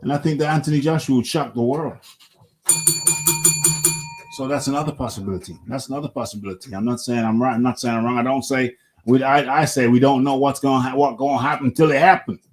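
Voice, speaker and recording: A man's voice: mid-range voice, quick pace. A British man hosting a casual boxing talk show, repeating himself as he makes emphatic points. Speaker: boxing podcast host.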